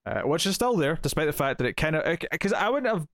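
A man's voice: fairly high pitch, very animated, fast, a bit bright, no room sound, studio quality. A man co-hosting a comic book podcast, recapping issues in a rambling, casual way with many fillers. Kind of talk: casual chat.

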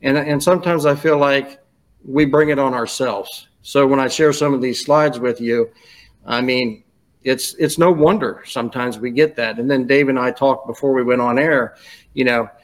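A man's voice: medium pitch, fairly even intonation, moderate pace. Chatty man telling stories. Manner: storytelling, many restarts and "you know"s. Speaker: guest, retired school custodial administrator. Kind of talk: casual podcast conversation.

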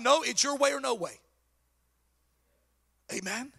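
Gravelly high-voiced preacher. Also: male voice, unhurried. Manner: preachy, swings from low asides to shouted exhortation; acts out quoted voices mockingly. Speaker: pastor. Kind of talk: sermon.

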